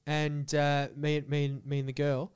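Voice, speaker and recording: A man, a podcast co-host telling crude stories in animated, swearing casual chat. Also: a little high, moderate pace, clear, resonant tone.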